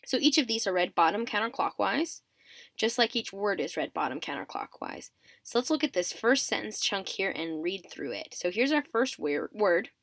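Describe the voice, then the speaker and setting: A woman's voice: medium pitch, sing-song, normal speed, fairly bright tone, no room sound. A woman teaching a writing system step by step, counting items aloud, correcting herself, and sounding a little sleepy. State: sleepy, yawning. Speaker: teacher of a constructed script. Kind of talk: step-by-step explanatory tutorial.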